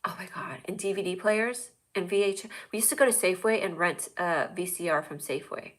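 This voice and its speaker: A woman's voice: fairly low pitch, fairly even intonation, brisk. A woman hosting a livestream show, chatting in a rambling, jokey way straight to her viewers. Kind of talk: casual livestream chat.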